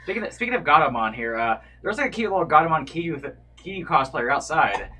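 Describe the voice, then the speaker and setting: A man's voice: a little high, expressive, quick pace, pushed and bright, slightly rough. A man co-hosting a casual chat, rambling and hesitant with many filler words. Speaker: co-host.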